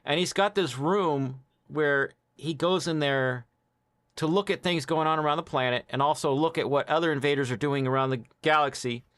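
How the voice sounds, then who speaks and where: A man's voice: on the high side, normal speed, clear, resonant tone, no echo. A man hosting a livestream, telling stories in casual chat and laughing often. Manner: animated storyteller, laughs often. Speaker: livestream host. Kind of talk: casual chat while gaming.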